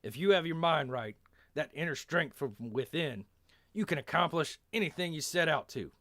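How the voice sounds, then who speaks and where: A stoic, scarred army lieutenant with a put-on Texan drawl, as a storyteller voices him. He talks in calm, earnest sentences with an animated rise and fall. The sound is dry and close. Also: fairly high pitch, normal speed, no echo, pitched above the performer's own voice.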